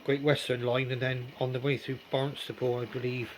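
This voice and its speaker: A man's voice: mid-range voice, level tone, brisk, slight background noise. A man, chatting casually about model railway pieces while filming on his phone. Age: 60s. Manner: chatty and rambling, with gentle asides. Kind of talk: casual hobby commentary.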